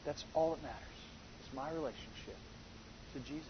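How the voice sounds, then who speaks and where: Preacher, male, high husky voice, earnest and emphatic, dull lo-fi sound. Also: a little fast, background noise. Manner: earnest, building to emphatic quoted exchanges. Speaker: pastor. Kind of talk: sermon.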